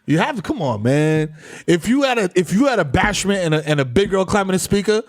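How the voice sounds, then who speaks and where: High-pitched, animated New man. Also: brisk. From the Bronx, New York. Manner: slangy, profane, defiant, laughs often. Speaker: podcast co-host. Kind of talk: casual comedic banter.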